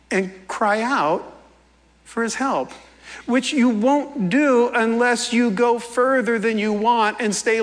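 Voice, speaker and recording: Animated man preaching in a big hall. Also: high voice. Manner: animated, playful, acts out the quotes. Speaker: pastor. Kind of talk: sermon.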